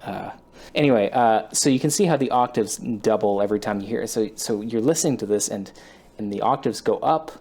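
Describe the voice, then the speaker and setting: A man's voice: fairly low pitch, fairly quick, a little mellow, breathy edge. A man thinking aloud while he learns a guitar part, rambling and poking fun at himself as he plays. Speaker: guitarist learning a song on camera. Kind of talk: casual self-taught guitar lesson. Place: home studio with a loud computer. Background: his own guitar playing.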